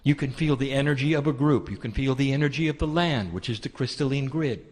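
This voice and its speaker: A man giving a channeled spiritual teaching, calling listeners "dear one" and asking rhetorical questions in a soft, deliberate way. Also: mid-range voice, big-room sound.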